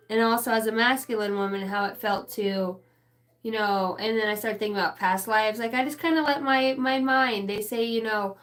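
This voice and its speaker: A woman's voice: medium pitch, rough recording. A woman in her thirties giving a casual, profane, rambling live tarot reading as a channeler. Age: 30s.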